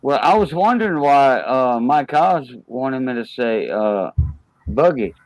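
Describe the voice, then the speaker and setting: A man's voice: mid-range voice, sing-song, slight background noise, poor audio. A man with a Cajun accent hosting a casual livestream chat, playful and teasing, repeating words. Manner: playful, teasing, drawn-out repetitions. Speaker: livestream host.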